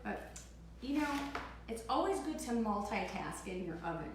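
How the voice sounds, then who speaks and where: A chatty, playful woman walks through a live cooking demo, full of fillers and restarts. Her voice sits at an ordinary middle pitch and comes from some distance off the mic. The room is very echoey, with clear background noise and clicks. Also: sing-song, moderate pace. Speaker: cooking show host. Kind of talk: live cooking demonstration, casual chat.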